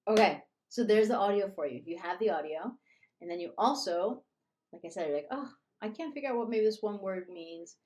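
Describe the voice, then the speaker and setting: A woman teaching a beginner online language lesson, upbeat and repeating phrases slowly for learners. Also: mid-range voice, darkish tone.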